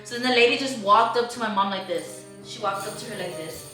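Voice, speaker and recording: A woman's voice: a little high, quick pace, distant mic. A young woman casually telling a story on a vlog, acting out scenes and sometimes searching for words. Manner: lively, acts out scenes, hunts for words. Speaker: vlogger. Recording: echoey room, voice off-mic, faint music.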